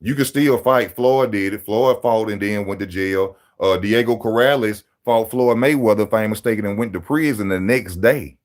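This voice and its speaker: A man hosting a live boxing channel stream, talking straight to his viewers in loud street-style banter, mocking and teasing. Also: on the low side, moderate pace, few pauses.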